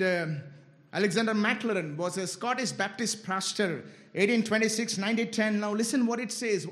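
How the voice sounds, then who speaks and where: A man preaching a sermon with great passion, swinging between loud, high exclamations and low, quiet asides, often telling listeners to listen carefully.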